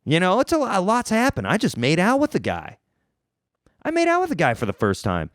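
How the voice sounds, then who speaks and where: A man hosting a podcast, telling a story in a casual, self-mocking way and jumping up in pitch for emphasis. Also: wildly swooping pitch, a little fast, no room sound, studio quality. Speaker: podcast host.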